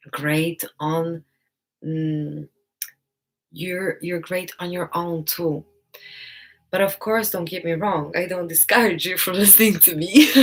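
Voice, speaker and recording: A woman giving a live online talk as a personal development coach, gentle and encouraging, pausing often and laughing now and then. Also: lowish voice, poor audio. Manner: speaks with many pauses and fillers.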